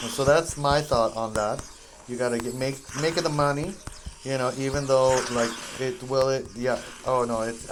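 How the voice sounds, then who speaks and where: Over a noisy background, a man plays a game and offers meandering commentary to his audience. His voice is mid-range, and he keeps wandering between subjects, interrupting himself before finishing his thoughts.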